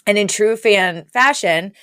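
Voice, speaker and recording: A woman co-hosting a podcast, telling a story in a loose, chatty way with plenty of laughs and "like"s. Her voice sits at an average pitch. It is recorded close and dry. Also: measured pace, smooth, no room sound. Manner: animated storytelling with frequent laughs and filler likes. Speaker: podcast co-host recapping an episode. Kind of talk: casual chat.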